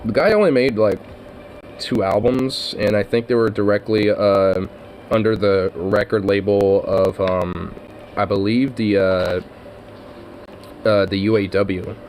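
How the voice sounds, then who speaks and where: A man's voice: on the low side, steady tone, unhurried, a little mellow, a little hiss or hum. A man chatting casually on his own vlog, rambling and swearing, with laughs and lots of fillers. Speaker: vlogger.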